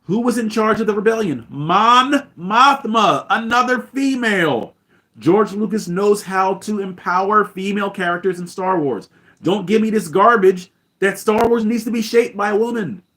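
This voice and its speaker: A man's voice: moderate pace, a bit bright. Fired-up man hosting a movie commentary stream. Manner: fired-up, quotes film lines in a lowered voice. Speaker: host.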